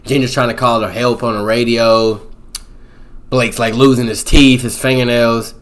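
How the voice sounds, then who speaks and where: A young man casually recapping a movie plot in a rambling, slangy way, peppering it with "boom" and "bro". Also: flat delivery, normal speed, fairly bright tone. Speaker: movie reviewer.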